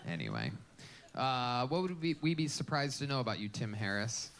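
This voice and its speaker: A man's voice: mid-range voice, sing-song, normal speed, fairly bright tone. A man hosting a live comedy show, roasting a guest with crude teasing questions. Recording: noisy live show recording.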